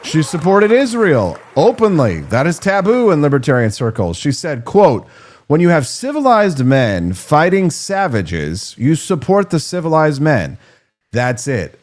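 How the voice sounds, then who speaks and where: A man's voice: mid-range voice, big pitch swings, unhurried, darkish tone, faint music behind. A man in his forties giving a sarcastic, comedic political monologue as a commentator. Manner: sarcastic, mocking.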